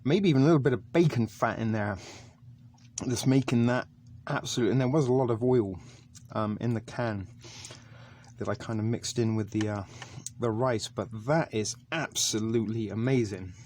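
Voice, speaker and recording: A man with a slightly mellow, medium-pitched voice talks at a moderate pace as he reviews a ration pack on camera, with a little hiss or hum audible. It's a casual food vlog, and his chatty manner is hesitant and full of ums.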